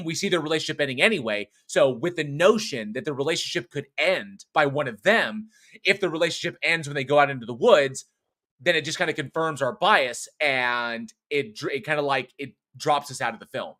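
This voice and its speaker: A man's voice: fairly high pitch, animated, a little fast, sharp tone. Rambling, profane man reviewing films. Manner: rambling, profane, frequent restarts and fillers. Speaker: podcast co-host. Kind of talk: casual film review chat.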